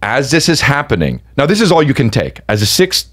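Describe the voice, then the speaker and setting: A man's voice: mid-range voice, huge pitch swings, a little fast. A man on a comedy podcast telling a long story, rambling and profane, constantly checking in with his listeners. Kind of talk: casual storytelling chat.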